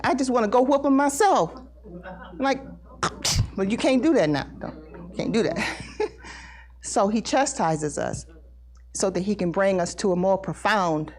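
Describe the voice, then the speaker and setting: A middle-aged woman giving an emotional personal testimony at a Bible study, earnest and halting, repeating words as she talks. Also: on the high side. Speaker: congregation member sharing testimony.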